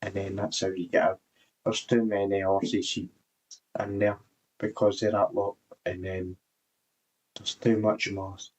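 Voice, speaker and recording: Brief: a man vlogging, low and husky, meandering chat with casual swearing. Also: little pitch movement, a little slow, pauses often, darkish tone, rough recording.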